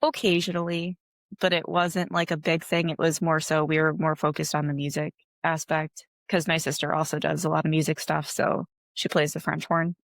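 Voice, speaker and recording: A woman's voice: sits low, level tone, normal speed, dry recording. A woman from Wisconsin in her thirties, a guest chatting casually in an interview, laid-back and full of "like" fillers.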